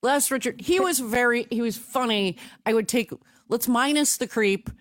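A woman from the United States co-hosting a podcast in casual chat, animated and full of restarts. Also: fairly high pitch, normal speed, no room sound, clean studio sound. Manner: chatty, animated, with restarts and laughs. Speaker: podcast co-host.

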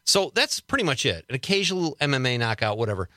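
A man's voice: medium pitch, sing-song, fast talker, sharp tone, no room sound, studio quality. A man hosting a radio talk show, chatting casually and joking, laughing often between remarks. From Wisconsin.

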